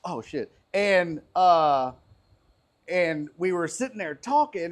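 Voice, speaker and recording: A comedian hosting a laid-back chat show, spinning loose, profane stories. His voice sits somewhat high for a man. He circles back and restarts as he talks. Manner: profane, rambling storyteller. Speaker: podcast host and stand-up comedian. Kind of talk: casual chat. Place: outdoor patio.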